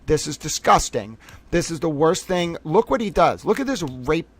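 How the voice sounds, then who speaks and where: A man's voice: fairly high pitch, big pitch swings, normal speed. A man hosting a live-streamed commentary, reading posts aloud in a heated, indignant way. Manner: heated, indignant, swings from shouting to quiet. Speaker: livestream host.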